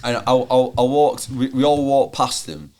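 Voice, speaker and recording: A man's voice: medium pitch, animated, normal speed, darkish tone. A young man, co-hosting a student podcast and telling a long rambling story full of fillers and restarts. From England. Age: young adult. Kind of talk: casual chat. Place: room, seated on the floor.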